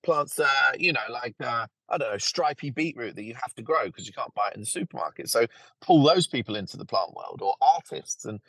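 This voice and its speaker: A man talking as a podcast guest, with a husky, slightly breathy voice that swoops up and down a lot. His delivery is lively and chatty. The recording is dry and close, with no room sound. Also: mid-range voice, fairly quick, no echo. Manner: lively, chatty, laughs easily. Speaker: podcast guest, plant marketer and author. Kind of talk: casual conversation.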